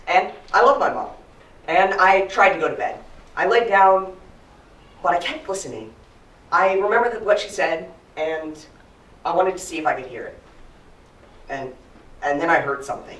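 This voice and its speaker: A man's voice: high-pitched, moderate pace, long pauses. Man telling a story to a crowd, voice swinging all over, echoey room, mic far off. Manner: animated, playful delivery. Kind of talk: live storytelling to an audience. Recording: roomy hall, mic from far off.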